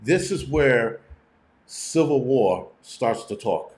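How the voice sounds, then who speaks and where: A man's voice: medium pitch, expressive, slow pace, darkish tone, reverberant. A man hosting his own channel, telling stories in a profane, rambling way full of restarts and fillers. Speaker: channel host. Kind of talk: casual live-stream rant.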